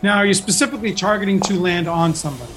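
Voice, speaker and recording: A man's voice: high-pitched, rapid-fire, fairly bright tone, soft background music. A man narrating and ruling as game master of a tabletop role-playing game, in an easygoing way.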